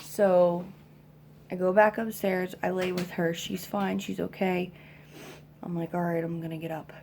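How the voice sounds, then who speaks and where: A mother venting about her kids in a rambling, halting way, exhausted, with lots of fillers, at home. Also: lowish voice, flat delivery, darkish tone, slight background noise.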